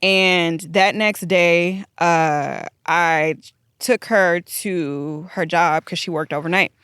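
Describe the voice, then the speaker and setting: A woman telling a long personal story in casual podcast chat, animated and acting out the dialogue. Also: lowish voice, slow pace, clear, resonant tone, no room sound, studio quality.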